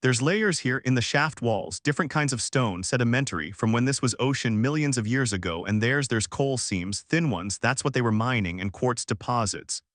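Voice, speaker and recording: A man voicing a frightened twelve-year-old boy trapped underground, speaking in halting, broken-off sentences. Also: mid-range voice, lively intonation, a bit bright, dry recording, studio quality, close to an everyday voice. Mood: faint, fading.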